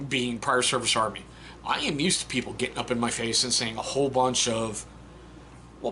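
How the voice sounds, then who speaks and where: Speaking at a medium pitch, a man reviews a book casually and bluntly, letting the odd swear word slip. His tone comes across bright and forward, and a faint hiss of background noise runs beneath.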